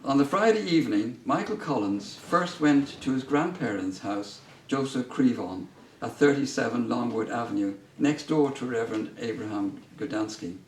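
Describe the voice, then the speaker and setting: A man giving a public history talk as guest speaker, telling an anecdote in a measured way. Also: mid-range voice, lively intonation. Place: museum lecture room. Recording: roomy, distant mic, faint noise.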